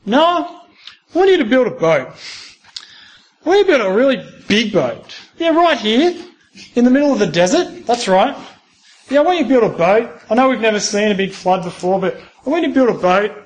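A man's voice: very high voice, very animated, brisk, voice pushed up. A man voicing God as a breezy, insistent figure who brushes off doubts. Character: God, a calm, insistent, matter-of-fact male deity.

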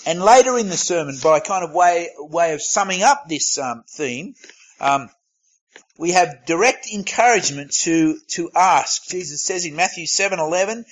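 A man's voice: a little high, lively intonation, normal speed, a bit bright, low-quality recording. A man preaching a sermon in a conversational way, reading scripture and adding casual asides. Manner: conversational, reads scripture aloud, self-aware asides.

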